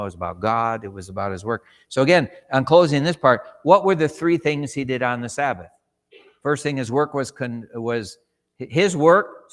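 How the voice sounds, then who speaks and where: A man teaching a church Bible class, conversational, asking the class questions and acting out short quotes. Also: mid-range voice. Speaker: Sabbath school teacher. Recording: long hall reverb.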